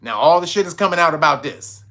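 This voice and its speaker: A man hosting a livestream who comments on the news with a bright, ringing tone. He swears freely, mocks what he reads, laughs often, and talks straight to his chat. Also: on the high side. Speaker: channel host.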